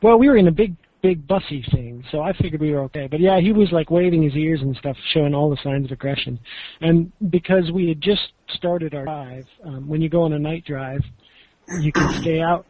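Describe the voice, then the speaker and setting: A man's voice: a little high, fairly quick, no room sound, narrow, tinny audio. A man co-hosting a podcast, telling a travel story in a rambling, casual way with laughs. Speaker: podcast co-host.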